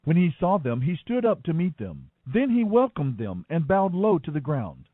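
A man giving an expressive, dramatic scripture reading. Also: a little high, normal speed, dry recording. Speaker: Bible reader. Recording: tinny phone-like dry sound.

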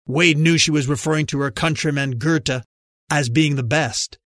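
Male audiobook narrator: measured scripted read, slightly high voice, dead-dry close mic. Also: fairly even intonation, a bit bright, no echo.

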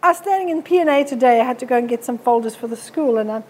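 High-voiced woman speaker. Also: expressive, racing, darkish tone, slightly rough. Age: middle-aged. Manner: frank, chatty, mimics people she describes. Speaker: nutrition speaker. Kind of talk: live motivational health talk.

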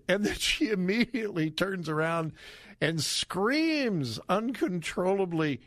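A male talk radio host delivers emphatic, indignant commentary in a fairly high voice that swings widely in pitch. His studio mic sounds close and dry. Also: very animated, a little slow, fairly bright tone, no room sound. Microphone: studio microphone.

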